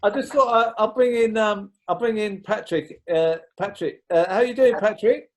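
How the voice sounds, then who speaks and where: A man's voice: high-pitched, normal speed. A man hosting an online show, bringing in guests with hesitant, friendly questions. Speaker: host. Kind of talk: hosting a video call show. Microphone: video call.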